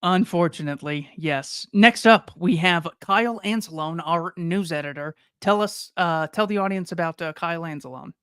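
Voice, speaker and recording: A man's voice: on the high side, normal speed, hardly any pauses, sharp tone, clear, resonant tone, no room sound, clean studio sound. A man interviewing a podcast host, giving brief prompts and questions. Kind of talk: casual interview.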